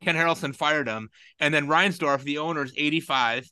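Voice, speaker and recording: A man with a bright, tense voice and a somewhat high pitch, telling rambling, profane stories in casual chat. His exasperation keeps building, and the sound is close and dry. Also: normal speed, clear, resonant tone, no echo.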